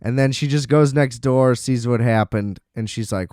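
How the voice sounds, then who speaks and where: A man's voice: medium pitch, moderate pace, hardly any pauses, a little mellow, clear, resonant tone, no echo, studio quality. A man hosting a podcast, ranting sarcastically about a film, exasperated and laughing often. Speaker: podcast host. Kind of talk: casual rant review.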